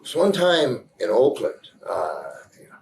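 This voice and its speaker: A man giving a candid interview, telling a story in a rambling, halting way with many restarts, earnest and emotional in places. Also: medium pitch, sing-song, gravelly, darkish tone, rough recording. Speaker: interview guest.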